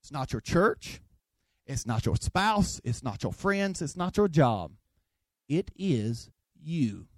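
High-voiced Southern US male preacher. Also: sing-song, slow pace, dry recording. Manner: emphatic, repetitive and joking. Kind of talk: sermon.

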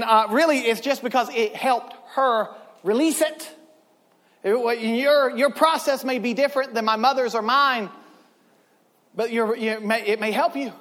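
A man preaching a sermon, telling stories with lively swings into loud shouts. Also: extremely high pitch. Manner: animated storytelling, bursts into loud shouts. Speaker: pastor. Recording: long hall reverb.

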